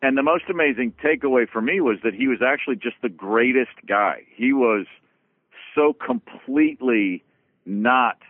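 A man tells a story in loose, animated conversation, stumbling over restarts and dropping swears as he goes. His voice comes through thin and tinny, like a phone line, with no room sound around it. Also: medium pitch, moderate pace, no echo. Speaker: guest musician.

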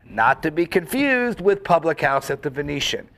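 A man's voice: on the high side, moderate pace. Rambling man telling bar stories. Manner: rambling, animated storytelling with many fillers; acts out quoted lines in the story. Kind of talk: casual chat.

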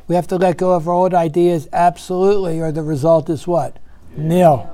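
A man's voice: fairly high pitch, steady tone, normal speed, dark tone, dry recording. A man leading a recovery meeting, talking earnestly and conversationally, asking the room questions and acting out voices in his story.

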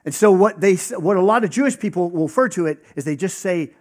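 A man's voice: high voice, lively intonation, a little fast, hardly any pauses, a little mellow. A man preaching a conversational sermon, teaching casually with lots of fillers and acted-out dialogue.

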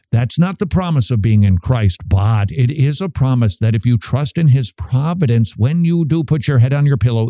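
A man's voice: medium pitch, warm tone, no room sound. A man from Minnesota hosting a show, giving a casual Bible talk and asking and answering his own questions. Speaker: podcast host.

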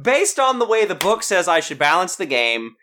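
Lively man running a tabletop game. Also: high-pitched, a little hiss or hum. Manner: animated, quick asides, slows for narration. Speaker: game master.

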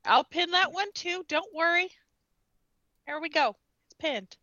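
A woman hosting a podcast over a video call, relaxed and dryly amused. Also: very high-pitched, unhurried, no room sound. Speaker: podcast host. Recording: dry, dull lo-fi call audio.

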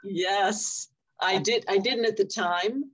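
A woman hosts an interview over a video call, her voice at an everyday pitch. She listens closely, offers short affirmations, and repeats her guest's points back to him. The sound has the plain quality of a call recording. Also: slow pace, fairly bright tone, slightly rough, low-quality recording. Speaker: interview host.

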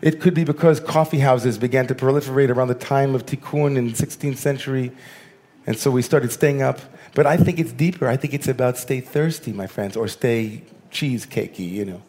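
Preaching a sermon, this male rabbi tells stories that shift between lively outbursts and quiet, unhurried passages, all in a medium-pitched voice.

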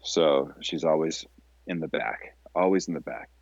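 Very deep-voiced rambling young man. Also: unhurried, vocal fry, no echo, dull audio. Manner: rambling, hesitant storytelling with fillers. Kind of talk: casual comedic banter.

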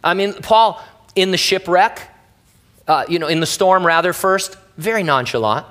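A man's voice: high-pitched, moderate pace, fairly bright tone. A man preaching as a pastor, teaching through a Bible passage in a casual, wry way with playful asides.

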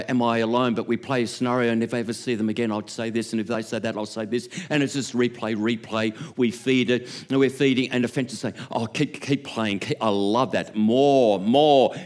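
A lowish-voiced pastor preaches a sermon as an animated storyteller. He acts out little scenes and laughs often.

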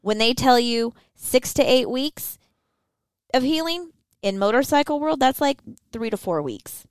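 A woman's voice: high voice, animated, a little slow, smooth, dry recording. A woman co-hosting a podcast, telling a story in a teasing, chatty way and addressing listeners as y'all. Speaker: podcast co-host. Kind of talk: casual chat.

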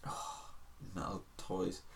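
A man's voice: takes it slowly, a bit bright. A man, co-hosting a casual podcast and telling wry anecdotes, swearing casually. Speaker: podcast co-host. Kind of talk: casual comedic storytelling.

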